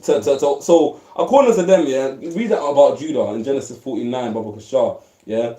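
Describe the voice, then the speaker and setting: A man's voice: mid-range voice, a little fast, mellow. A man in a heated casual religious debate, talking emphatically, swearing and repeating himself. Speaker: discussion participant. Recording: echoey room.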